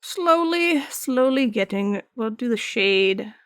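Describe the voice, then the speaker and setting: A woman in her thirties chats casually with her stream while she paints at home. She tells stories animatedly and acts out what each person said, with plenty of laughter. Her voice sits at a middle pitch and is recorded close and dry, with no room sound. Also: fairly quick, no room sound. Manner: animated storytelling, acts out quoted lines, frequent laughs. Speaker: art streamer.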